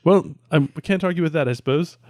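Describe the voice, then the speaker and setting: A man's voice: fairly high pitch, fast, darkish tone, no echo, studio quality. A man playing in a tabletop game, chatting in a laid-back way with laughing asides. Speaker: player. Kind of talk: casual tabletop game chat.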